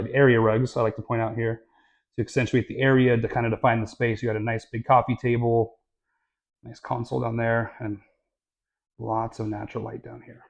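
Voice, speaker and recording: A man giving a casual walkthrough of a new house as a real estate vlogger, talking in a relaxed, chatty way with lots of fillers, recorded on a handheld camera mic while walking through the rooms. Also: mid-range voice, lo-fi sound. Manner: chatty and relaxed, filler-heavy, self-correcting. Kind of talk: casual home tour walkthrough.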